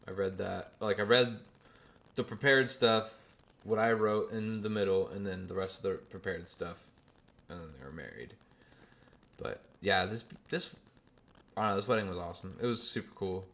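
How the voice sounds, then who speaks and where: A man in his twenties, a podcast host telling a story in a casual, animated way, swearing and using slang freely. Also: deep voice, normal speed, vocal fry, long pauses.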